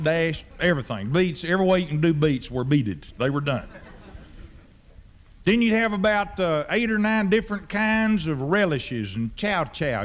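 A man, a preacher telling a humorous story with folksy, deadpan exaggeration. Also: sits high, highs cut off.

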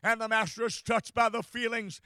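A man preaching a fervent sermon, repeating phrases and rising to shouts. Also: very high-pitched, fairly even intonation, normal speed, smooth, dry recording.

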